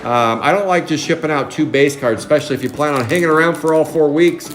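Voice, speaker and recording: A man hosts a live card break in a slightly high, excitable voice. He chats loosely with viewers and rattles off card names as he opens packs. Soft music runs faintly behind him. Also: fast.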